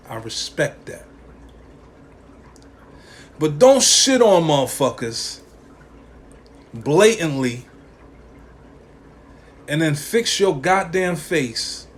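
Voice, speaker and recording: A man's voice: a little high, slight background noise. A man hosting a podcast, ranting emphatically in profane slangy talk and repeating lines to hammer a point home. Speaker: podcast host. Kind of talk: opinionated podcast rant.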